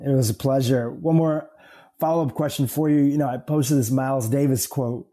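A man's voice: medium pitch, steady tone, normal speed, warm tone. A male podcast host who asks questions in a reflective, thoughtful way. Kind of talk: conversational interview.

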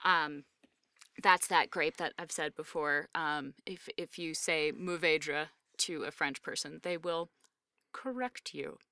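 A woman's voice: sits low, takes it slowly, sharp tone, clean tone, no echo, clean studio sound. A woman co-hosting a podcast in casual chat, talking knowledgeably with plenty of "um" and "like". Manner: chatty, frequent "um" and "like", knowledgeable about wine. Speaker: podcast co-host discussing wine and film.

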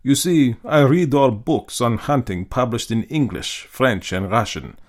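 A man's voice: mid-range voice, lightly acted. A man doing a suave, menacing aristocratic hunter. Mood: measured menace. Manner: slow, measured, courteous.

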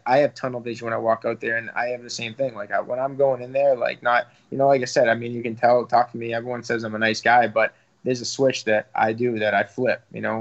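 Young male fighter, rapid flat delivery with lots of fillers, casual interview guest, dull lo-fi sound. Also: mid-range voice. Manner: rambling, filler-heavy, casual swearing. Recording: slightly dull lo-fi audio.

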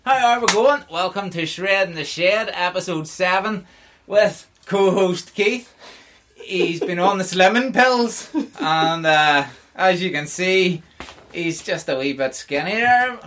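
A man's voice: high-pitched, takes it slowly, a bit bright. A man with a Northern Irish accent hosting a podcast, joking and laughing as he chats. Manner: jokey, laughing, rambling. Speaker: podcast host. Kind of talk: casual chat.

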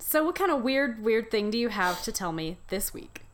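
Wry woman podcast co-host, slightly high voice. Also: normal speed. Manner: wry, deadpan banter with blunt swearing. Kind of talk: casual chat.

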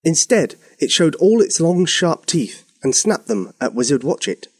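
A man narrating a bedtime story for young children, expressive and animated. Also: fairly high pitch, unhurried, breathy edge.

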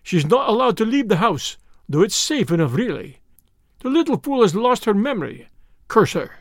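A man's voice: sits high, big pitch swings, moderate pace, no echo, clean studio sound, pitched above the performer's own voice, full character voice. Man voicing a frightened, sullen plotter. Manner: pleading, evasive. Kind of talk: audiobook character voice.

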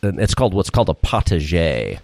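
A man's voice: low voice, very animated, fairly quick, creaky, darkish tone, no echo. A middle-aged man telling a long story in a casual interview, rambling, acting out quotes and laughing often. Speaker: restaurant owner, guest.

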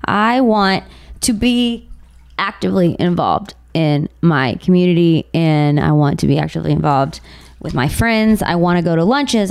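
A woman's voice: lowish voice, darkish tone, clean tone. A woman in her thirties, a podcast host, talking through her week in a rambling, repetitive, heartfelt monologue. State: tearful. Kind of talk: emotional personal monologue.

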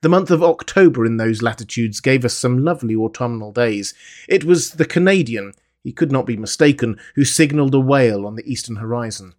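Man, audiobook narrator, measured, steady, mid pitch. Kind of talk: scripted narration of a classic novel.

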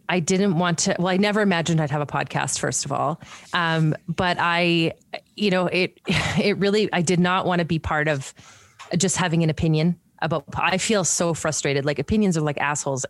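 Low-voiced canadian woman, middle-aged, frank and lively guest, dry close sound. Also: moderate pace, no echo. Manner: animated, candid, frequent restarts and laughs. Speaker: guest, podcast host and PR professional. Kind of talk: conversational interview.

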